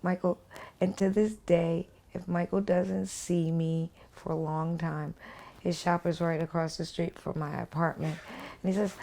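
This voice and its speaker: A woman sits for a documentary interview at home and recounts a personal story with heartfelt earnestness, using a sing-song lilt for quoted speech. Her lowish, warm voice has vocal fry, a flat delivery, and an unhurried pace.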